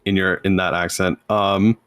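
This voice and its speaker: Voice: deep voice, flat delivery, normal speed, fairly bright tone, no echo. A young podcast host chatting casually and animatedly, laughing often. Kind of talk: casual chat.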